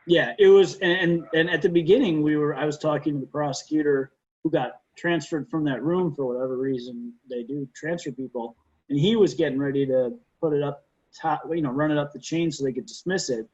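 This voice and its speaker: A man, a defense lawyer, telling courtroom stories in a casual interview, animated and often restarting his sentences. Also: a little high, a little fast, husky. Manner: animated storyteller, frequent restarts and stammered repeats. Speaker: defense lawyer, podcast guest. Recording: dull lo-fi sound.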